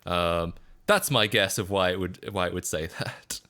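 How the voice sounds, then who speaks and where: A man's voice: deep voice, measured pace, sharp tone. A man with an Australian accent chatting casually on a live stream, rambling and self-deprecating with frequent chuckles.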